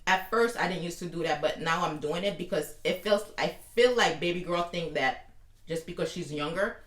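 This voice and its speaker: A woman's voice: on the low side, moderate pace, fairly bright tone. A woman who co-hosts a casual talk show, a mother telling parenting stories firmly and with laughs. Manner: laughing, storytelling, firm about bedtime. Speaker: podcast co-host, mother. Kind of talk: casual chat. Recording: echoey room with faint noise.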